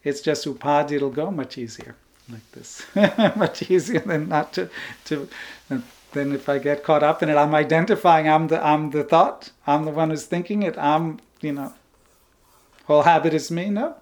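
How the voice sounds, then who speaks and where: A man giving a spiritual teaching talk on Vedanta. He speaks unhurriedly, chuckles lightly as he explains, and often closes a point with a soft "right?" or "like this". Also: a little high, normal speed.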